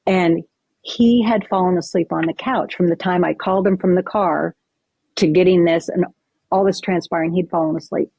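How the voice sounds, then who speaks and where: A woman's voice: fairly low pitch, normal speed, husky, no echo, lo-fi sound. A woman guest on a podcast, recounting a personal story vividly and acting out what people said. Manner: vivid, animated retelling with acted-out quotes.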